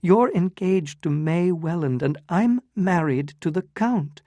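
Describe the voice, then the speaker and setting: Heartbroken young countess, pleading, higher and emotional, slow lines, dry close sound, as a reader puts her on. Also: lively intonation, warm tone, no echo. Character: proud, wounded young countess in love.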